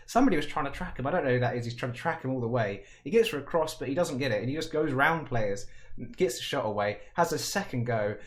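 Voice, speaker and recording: A man commenting on a football video game, chatty and jokey, building to excited shouts at goals, his voice cracking. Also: mid-range voice.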